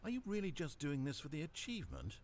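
A man's voice: fairly high pitch, huge pitch swings, quick pace, darkish tone, a little hiss or hum. A man voicing a dry, mocking game narrator. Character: wry, condescending male narrator, middle-aged.

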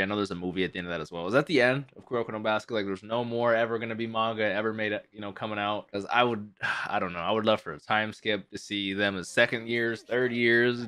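Excitable man reacting with casual swearing. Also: lowish voice. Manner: excitable, jumps between loud hype and quiet musing. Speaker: anime reaction channel host.

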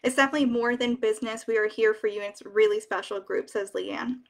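A young woman with a slightly high, gravelly voice talks fast in a fairly even tone. As an ambassador for a wig shop, she hosts a casual live stream, reading viewer comments aloud and chatting emotionally with plenty of fillers.

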